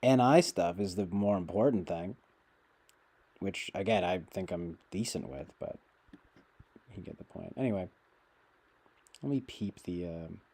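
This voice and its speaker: A man's voice: low-pitched, measured pace, pauses often, warm tone, slightly rough. A man chatting casually to his livestream viewers, meandering with many fillers and restarts. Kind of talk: casual rambling livestream chat.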